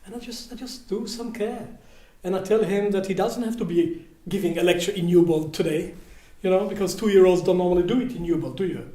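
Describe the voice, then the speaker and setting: A man with a fairly high voice leads a seminar, telling stories from his own life. He acts out the dialogue, dropping low and then rising loud. The recording carries a roomy echo. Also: fairly quick, few pauses. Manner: animated, acts out dialogue with big swings in loudness. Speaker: workshop leader. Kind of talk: storytelling seminar talk. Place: seminar room at a retreat house.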